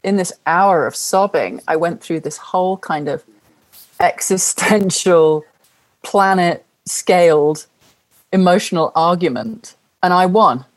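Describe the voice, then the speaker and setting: A middle-aged woman speaking as an interview guest, telling a personal story earnestly and with heartfelt, emphatic repetition. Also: sits low.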